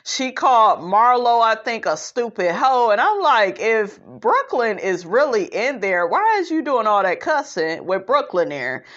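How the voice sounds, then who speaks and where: Sassy woman doing a slow recap. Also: on the high side, big pitch swings, fairly bright tone, highs cut off. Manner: sassy, opinionated, calls viewers honey and child. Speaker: reality show recap vlogger.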